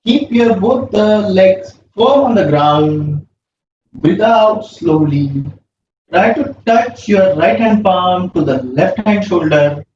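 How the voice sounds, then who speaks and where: In this guided yoga instruction, a man with a high-for-a-man voice offers slow, calm breathing cues. He speaks from some distance off the mic, so the sound comes across roomy and slightly muffled over a faint hum.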